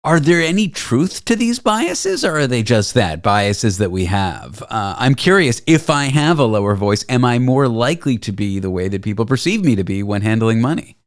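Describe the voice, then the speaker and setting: A man's voice: medium pitch, sing-song, normal speed, hardly any pauses, dry recording, studio quality. A man hosting a radio interview, asking curious conversational questions. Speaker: radio host.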